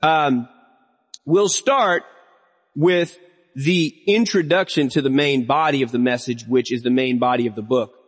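A man's voice: mid-range voice, a little slow. A man preaching a sermon, earnest and building to emphatic raised lines. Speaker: pastor. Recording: long reverb of a hall.

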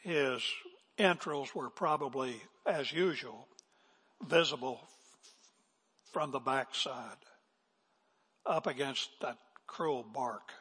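Slow, husky older preacher in a hall. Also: male voice, medium pitch. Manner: emphatic preaching, swinging from loud declarations to hushed asides. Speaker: pastor. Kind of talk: sermon. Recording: long reverb of a large hall.

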